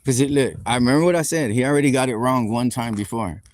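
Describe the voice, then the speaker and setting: A man's voice: medium pitch, fast, darkish tone. A man telling a heated, profane, rambling story during a live stream rant, recorded on a phone outdoors on a city street. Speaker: livestreamer.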